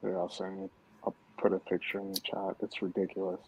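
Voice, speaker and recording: Laid-back male co-host with a gravelly voice, faint noise behind. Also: sits low, completely flat delivery, brisk, lo-fi sound. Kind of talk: casual group chat.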